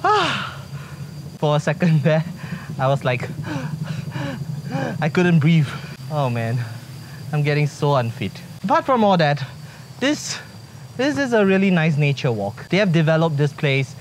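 This vlogger's voice leans high and sing-song; he speaks a little slowly and stops often, with noise behind him. He's hiking a forest trail outdoors, panting as he jokes and grumbles to viewers about the climb.

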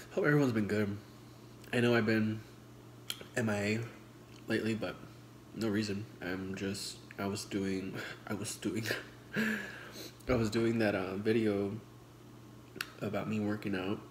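Casting: young guy, low voice, relaxed slangy mukbang chat between bites, echoey noisy room. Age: 20s. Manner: laid-back slangy talk with frequent swearing; talks between bites while eating. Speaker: vlogger.

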